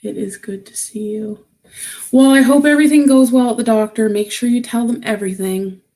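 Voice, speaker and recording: A woman's voice: a little high, brisk, dark tone. A woman chatting casually on a livestream, reading out and answering viewer comments, getting emotional and close to tears. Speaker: vlogger.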